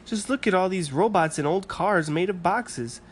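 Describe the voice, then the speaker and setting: A man's voice: sits high, moderate pace, slight background noise, pitched above the performer's own voice, close to an everyday voice. A practical, level-headed mother from a bedtime storybook, read by a man. She speaks firmly and plainly, with a slightly raised voice. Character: practical mother, calm and firm.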